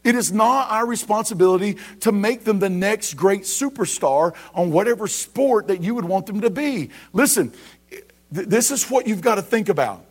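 A man's voice: sits high, lively intonation, normal speed. A man in his thirties preaching as a pastor, building emphasis with rhetorical questions and casual asides. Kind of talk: sermon.

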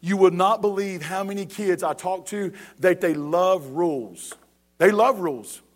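A middle-aged man, a pastor preaching a sermon to his church, growing loud and emphatic on repeated questions. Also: high-pitched, a little slow.

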